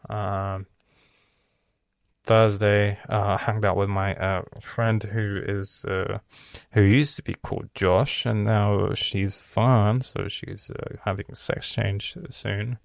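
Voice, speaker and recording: A young man talking in a casual, rambling monologue, cursing often and filling pauses with ums and restarts. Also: on the low side, level tone, vocal fry, no room sound, clean studio sound. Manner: profane, rambling, with many fillers and restarts. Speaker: vlogger.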